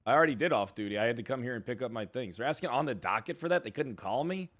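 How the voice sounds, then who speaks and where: A man's voice: mid-range voice, animated, rapid-fire, fairly bright tone. Heated, profane man recapping a confrontation. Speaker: streamer playing a suspended police chief. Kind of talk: in-character roleplay storytelling.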